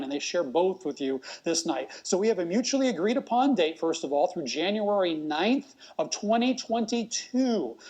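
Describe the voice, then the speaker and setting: A man calls out bids as auctioneer at a livestreamed charity auction. He jokes and hypes the items. He keeps pressing viewers to bid, and his voice sits high for a man. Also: darkish tone. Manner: upbeat, fast-talking, joking hype. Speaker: auctioneer host. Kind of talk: live online charity auction.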